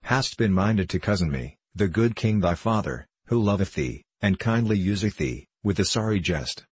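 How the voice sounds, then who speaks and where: A man plays an aging, dread king whose stern manner softens into slow, tender courtly speech. The voice sits low and husky. It is recorded dry and close. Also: expressive, dry recording. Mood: gentle, coaxing.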